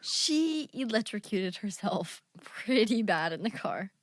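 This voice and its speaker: A woman's voice: mid-range voice, very animated, slow pace, no echo, clean studio sound. A woman co-hosting a podcast in casual chat, blunt, swearing and laughing a lot. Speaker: podcast co-host.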